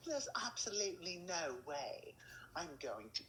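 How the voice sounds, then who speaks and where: A woman's voice: lowish voice, big pitch swings, measured pace, a bit bright, slight background noise. A woman playing a pompous male fantasy villain who taunts his foes. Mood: gloating.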